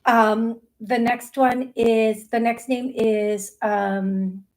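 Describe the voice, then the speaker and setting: Middle-aged woman medium hosting a live show; slow, easygoing delivery, chatty with many restarts. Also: fairly high pitch, little pitch movement, low-quality recording. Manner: chatty, laughs easily, many restarts and fillers. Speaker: psychic medium show host. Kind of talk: live call-in show talk.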